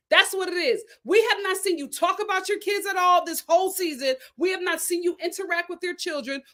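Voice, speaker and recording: A woman hosting a reality TV recap, talking casually and sassily, laughing and acting out the people she quotes. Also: high voice. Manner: sassy, animated, laughing, acts out quotes.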